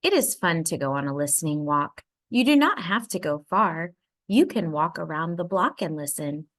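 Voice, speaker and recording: A woman reading a children's picture book aloud, expressive and playful with the sound words. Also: deep voice, moderate pace. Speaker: read-aloud storyteller.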